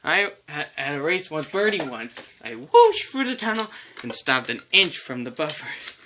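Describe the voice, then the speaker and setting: An eager little tank engine, boastful and too excited for his own good, as a man puts him on for a homemade storybook video. The voice sits high and sounds bright and forceful. A faint hiss runs behind it. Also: moderate pace, heavily acted. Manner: eager, exclaiming.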